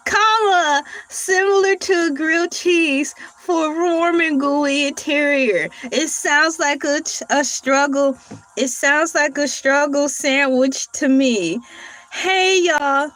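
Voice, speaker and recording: A woman's voice: high voice, slow pace, a bit bright, poor audio. A woman hosting a casual morning livestream, chatting to viewers, laughing often and reading search results aloud. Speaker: livestream host.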